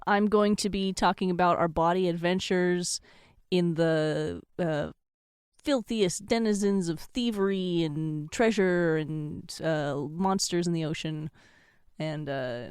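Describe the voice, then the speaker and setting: Playful tabletop player, mid pitch, dry close sound. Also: fairly even intonation, slow, clear, resonant tone, no echo. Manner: playful, giggly. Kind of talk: casual tabletop play.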